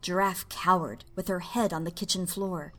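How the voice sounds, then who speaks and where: Woman reading a story, low voice. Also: normal speed, faint music behind. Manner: expressive, playful reading. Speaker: story narrator. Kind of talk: scripted story narration.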